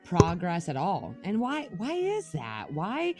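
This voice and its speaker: A woman's voice: on the low side, wildly swooping pitch, slow pace, a little mellow, soft background music. A young adult woman co-hosting a podcast, ranting angrily with lots of swearing in casual chat. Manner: angry, profane ranting. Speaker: podcast co-host.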